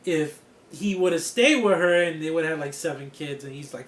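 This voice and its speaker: A man giving a casual, excitable review of a TV series, laughing often and swearing freely. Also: on the high side, a little fast, reverberant. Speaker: TV show reviewer.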